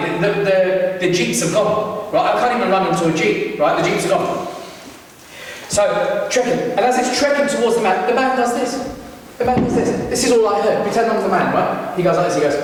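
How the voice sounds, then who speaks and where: A man with a high voice tells a stand-up story, lively and full of asides and acted-out lines. He sounds far from the mic in a big, reverberant hall with a faint hiss behind him. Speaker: stand-up comedian. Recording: roomy hall, distant mic, faint noise.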